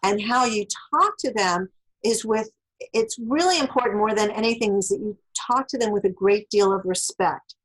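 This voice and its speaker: A woman's voice: medium pitch, normal speed, poor audio. Woman author giving relationship advice. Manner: explains through worked examples, acts out spoken lines. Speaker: author and interview guest. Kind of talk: conversational advice in an interview.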